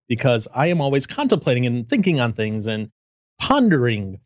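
A man's voice: medium pitch, expressive, quick pace, dry recording. Podcast host, male, rambling joker, mid voice, dead-dry mic. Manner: rambling, jokey. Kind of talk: casual chat.

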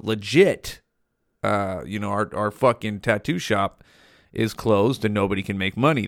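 A man's voice: on the low side, vocal fry, no echo, studio quality. A young man hosting his own podcast, ranting bluntly and swearing constantly in a casual solo monologue. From California. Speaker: podcast host.

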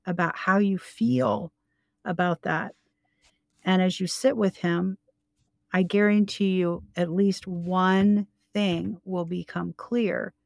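An older woman co-hosting a faith podcast, speaking slowly and gently as she gives advice. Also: on the low side, gravelly, dry recording, clean studio sound. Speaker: co-host. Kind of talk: faith-based podcast chat.

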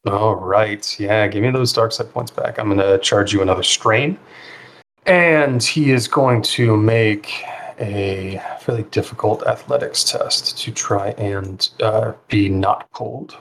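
Laid-back male game master, lowish voice. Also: slow, creaky, a little hiss or hum. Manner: relaxed, filler-heavy narration with frequent ums and likes. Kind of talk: narrating a tabletop role-playing game.

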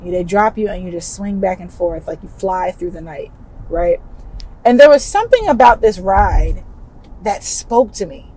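A woman hosting a podcast, telling a personal story in an animated, emphatic and conversational way. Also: on the low side, moderate pace, breathy edge, rough recording. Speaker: podcast host.

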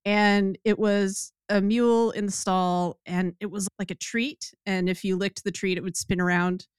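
A woman's voice: medium pitch, steady tone, measured pace, clear, resonant tone, dry recording, clean studio sound. A woman co-hosting a podcast in casual chat, telling stories and laughing often. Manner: giggly, storytelling, laughs often. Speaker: podcast co-host.

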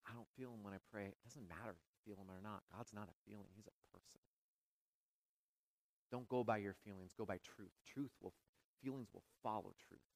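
A male pastor preaching a sermon, with dramatic rises into near shouting and hushed, quiet drops. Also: lowish voice, a little fast, vocal fry, low-quality recording.

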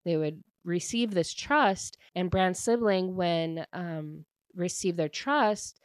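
Young woman, chatty book recap, lowish voice, dry close sound. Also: takes it slowly, clean tone, no echo. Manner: chatty, heavy use of "like" fillers, laughs while retelling. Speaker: book reviewer.

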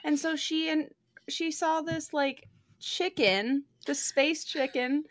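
A woman's voice: sits high, fairly even intonation, slow pace, no room sound. A young woman chatting casually as a podcast co-host, gushing and swearing freely with lots of fillers. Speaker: podcast co-host reviewing a book. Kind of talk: casual chat.

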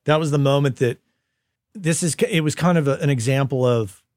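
A man's voice: medium pitch, normal speed, no room sound, studio quality. A man hosting a podcast, telling stories in casual conversation and livening up the people he quotes. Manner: storytelling, animated when quoting people. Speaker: podcast host.

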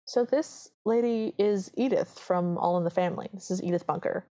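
A woman's voice: lowish voice, moderate pace, warm tone. A woman co-hosting a podcast, chatting casually as she retells a film scene by scene and acts out the characters' lines. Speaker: podcast co-host.

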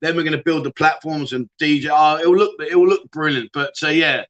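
Chatty, bright-voiced livestream host. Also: male voice, on the high side, a little fast, hardly any pauses, highs cut off. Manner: chatty and jokey, banters with viewers. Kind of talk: casual livestream chat reading viewer comments.

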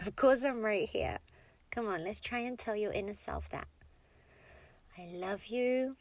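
A woman's voice: mid-range voice, lively intonation, moderate pace, no echo. A woman in a whispered role-play as a comforting partner, tender and coaxing, often giggling and dropping into whispers.

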